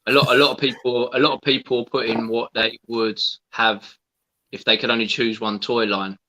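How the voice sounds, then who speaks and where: A man's voice: medium pitch, flat delivery, moderate pace, bright, forceful tone, rough recording. A man chatting as a guest, reading out comments and joining in. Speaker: guest collector. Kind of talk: casual chat.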